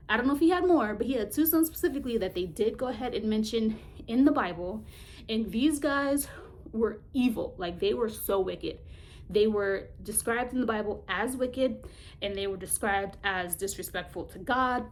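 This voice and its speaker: A woman's voice: on the high side, darkish tone. A woman casually retelling a Bible story in a Bible study vlog, colloquial and chatty, often laughing and searching for words.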